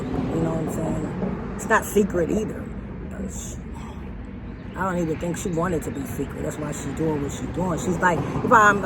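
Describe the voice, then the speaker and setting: A woman speaking in a casual, rambling way, full of fillers, restarts and profanity. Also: sits low. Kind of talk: rambling personal monologue. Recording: noisy with passing traffic.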